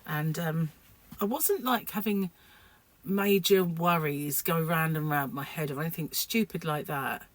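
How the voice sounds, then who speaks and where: A woman's voice: deep voice, a little slow, dry recording. A sleep-deprived woman, rambling casually to camera in a home vlog, full of fillers and restarts. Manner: rambling, chatty, many fillers. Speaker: vlogger.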